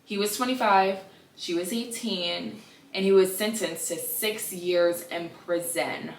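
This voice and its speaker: A woman in her twenties hosting a casual gossip podcast, chatty and animated with sassy asides. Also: mid-range voice, unhurried, distant mic. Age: 20s. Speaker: podcast host. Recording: echoey room, a bit off-mic.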